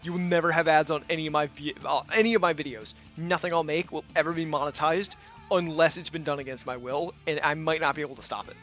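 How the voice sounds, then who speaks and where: A man's voice: a little high, quick pace, a bit bright, soft background music. A man ranting angrily in a gaming commentary video, blunt and full of profanity.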